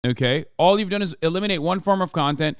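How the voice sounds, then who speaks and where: A man in his thirties rants live to his chat, argumentative and profane. His voice sits fairly high and comes through smooth and resonant. The recording is dry and close, with no room sound. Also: fast, dry recording. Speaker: streamer. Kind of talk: livestream reaction rant.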